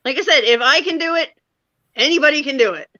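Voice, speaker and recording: A woman's voice: high voice, fast, bright, forceful tone, no echo, highs cut off. A woman joining a live stream as a guest, chatting casually and joking about herself. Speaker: guest caller.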